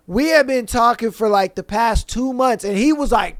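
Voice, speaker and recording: A man's voice: very high voice, moderate pace, hardly any pauses, no echo. A male podcast host telling a long, rambling anecdote in casual, profane speech, acting out the other people in it. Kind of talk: casual storytelling.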